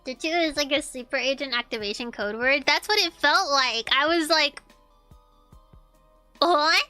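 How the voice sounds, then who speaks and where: A young woman streamer telling a story in casual chat, animated, swearing and repeating her lines. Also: sits high, normal speed, no echo, soft background music.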